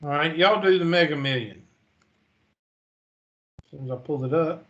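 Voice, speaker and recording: A man's voice: on the high side, a bit bright, lo-fi sound. A man teaching a math lesson, drowsy and yawning, methodically reading numbers and calculator steps one by one. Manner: slow, methodical, reads digits one by one. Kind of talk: calculator walkthrough lecture.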